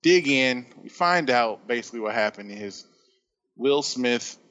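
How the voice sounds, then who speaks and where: A man's voice: mid-range voice, animated, a little slow, a bit bright, dull audio. A man co-hosting a casual podcast chat, telling a story in a rambling, profane way. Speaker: podcast co-host.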